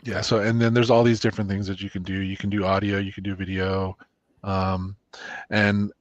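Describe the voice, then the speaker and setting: A man hosting a casual livestream and walking through software, relaxed and rambling with lots of fillers. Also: on the low side, moderate pace, no echo, muffled recording. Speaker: host demoing software.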